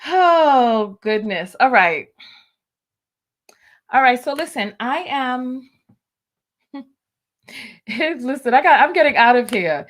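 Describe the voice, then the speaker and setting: A woman's voice: high voice, expressive, takes it slowly, pauses often. A woman hosting a casual livestream, chatting and laughing as she talks straight to her viewers and reads their comments aloud. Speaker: host.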